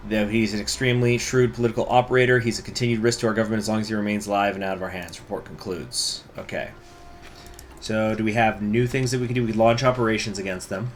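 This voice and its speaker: A man's voice: lowish voice, flat delivery, fast, a little hiss or hum. A man hosting a strategy game playthrough, reading event text aloud and adding casual joking asides. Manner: casual, joking asides between read-out passages. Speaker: let's play host.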